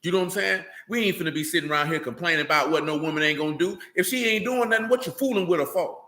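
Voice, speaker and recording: A man's voice: a little high, racing, bright, forceful tone, echoey room. A man giving an informal, streetwise sermon as a religious teacher, blunt and emphatic, full of slang.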